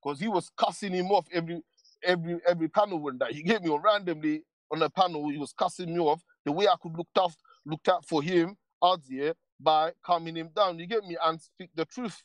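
A man's voice: a little high, fairly quick, dry recording. A man ranting casually on a stream panel, rambling and full of street slang and repeated tags. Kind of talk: casual heated rant.

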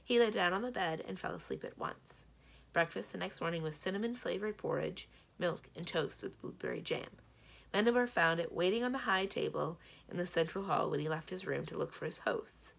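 A woman's voice: fairly low pitch, brisk, vocal fry. A woman reading a children's novel aloud for a library, telling it expressively. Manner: expressive storytelling. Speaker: library reader. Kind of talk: children's book read-aloud.

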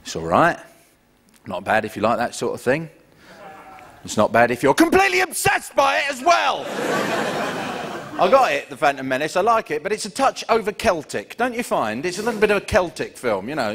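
A man's voice: a little high, brisk. A middle-aged man doing a sardonic stand-up comedy routine. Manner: sardonic, animated storytelling. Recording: live show with loud background noise.

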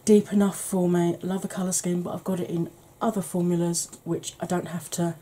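A woman hosting a beauty channel, chatting casually and rambling softly while she declutters her makeup, with self-deprecating asides. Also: on the low side, level tone, a little fast, slight background noise, rough recording. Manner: soft, quiet delivery.

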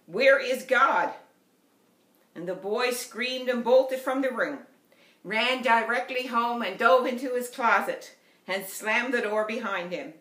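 Woman lay preacher, Newfoundland accent, steady earnest sermon, echoey church sound. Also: fairly high pitch. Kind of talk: sermon with storytelling. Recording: roomy church echo.

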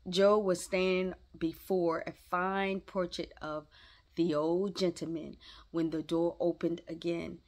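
A woman reading a classic novel aloud in a gentle storytelling way, now and then stopping to chat with her listeners. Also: lowish voice, little pitch movement. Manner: slow, gentle read-aloud with asides to listeners. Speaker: storybook reader.

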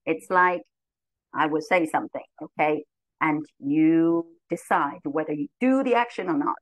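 A woman leading an English lesson for very young learners, cheerful and slow, her voice jumping high on the commands. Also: dry recording, low-quality recording. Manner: cheerful, slow and clear, with big pitch jumps on commands. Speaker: teacher trainer leading a model lesson. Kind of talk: lively classroom teaching to young children.

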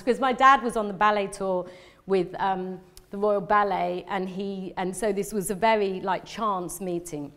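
A woman's voice: mid-range voice, a little fast. Chatty, rambling woman giving a talk. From London, England. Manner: rambling, chatty, self-interrupting with frequent restarts; emotionally open, laughs often. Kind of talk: live lecture presenting slides.

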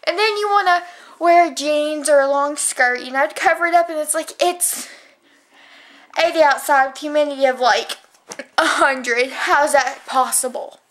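A woman's voice: sits high, moderate pace, a bit bright. A young woman, rambling and complaining at home in a casual vlog chat. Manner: rambling, complaining, lots of fillers. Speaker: vlogger. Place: at home indoors at night.

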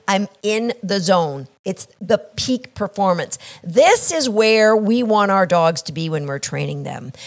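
A woman's voice: medium pitch, vocal fry. A woman from Canada, a dog trainer explaining a training idea, acting out little scenes and checking in with "right?".

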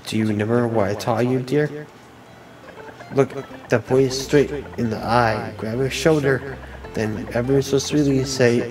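Slowly and without hurry, this man, a let's player, voices the dialogue shown on screen, faltering with restarts and doubled words along the way. His pitch is ordinary, neither high nor low. Music runs underneath, and the recording sounds rough.

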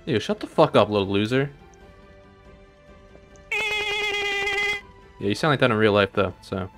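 A young man streaming a roleplay game, swearing, laughing and shouting in casual gaming banter. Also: mid-range voice, wildly swooping pitch, slow. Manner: profane, laughing, loud outbursts. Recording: game audio with music behind.

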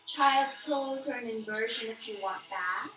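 A woman leading a power yoga class, giving calm, encouraging step-by-step cues. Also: fairly high pitch, measured pace. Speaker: yoga instructor. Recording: echoey room, mic at a distance, music behind.

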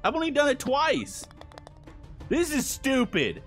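A young adult gaming host in casual gameplay banter, excitable, shouting and groaning at the game. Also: high-pitched, a little slow, faint music behind.

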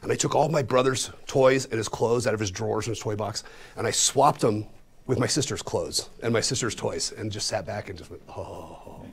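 A man in his forties from Colorado, telling a comic story on stage in a studio, animated and self-mocking, with sudden swings between loud and hushed. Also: fairly low pitch, brisk. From Colorado, USA. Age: 40s. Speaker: storyteller and magician. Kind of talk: comedic storytelling performance. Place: studio before a live audience.

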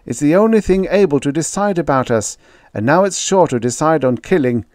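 A man's voice: a little high, lively intonation, a little fast, no echo, studio quality, voice pushed up, close to an everyday voice. A man doing a desperate feverish starship mutineer. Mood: urgent. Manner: urgent, strained shouting.

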